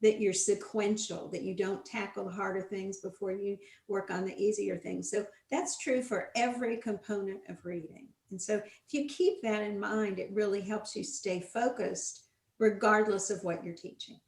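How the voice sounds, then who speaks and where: A woman's voice: medium pitch, steady tone, normal speed, darkish tone. A woman guest educator explaining teaching methods in a conversational, emphatic way. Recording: roomy echo.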